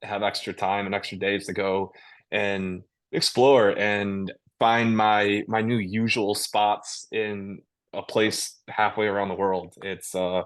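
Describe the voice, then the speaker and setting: A low-voiced man chatting in a relaxed, rambling way, often restarting his sentences and laughing easily. He sounds like a touring musician speaking from a video call. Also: slow pace. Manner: laid-back, rambling with many restarts and laughs. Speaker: touring metal band musician, guest. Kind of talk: casual interview chat.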